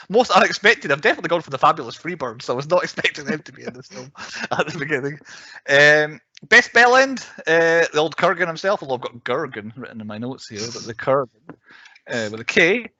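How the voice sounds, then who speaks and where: A man's voice: on the high side, pushed and bright, dry recording, lo-fi sound. A man co-hosting a podcast, chatting casually as he runs through a list with laughs. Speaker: podcast co-host. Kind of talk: casual chat.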